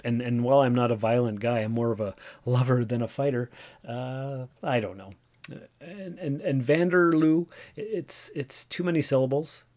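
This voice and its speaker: A man's voice: mid-range voice, a little mellow. A man in his forties hosting a solo podcast, talking casually in a rambling, self-deprecating way with frequent restarts. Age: 40s. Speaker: podcast host.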